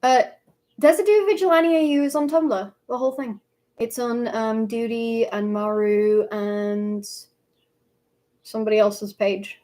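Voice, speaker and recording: Young woman streamer, playful, laughs a lot, slow easy delivery, slightly high voice. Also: steady tone, mellow. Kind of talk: casual live-stream chat.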